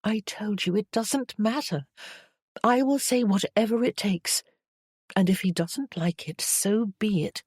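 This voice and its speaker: A woman voicing a young lady in love in a period romance, soft and earnest, a little higher than her narration. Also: a little slow, slightly rough, no echo, clean studio sound. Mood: tender.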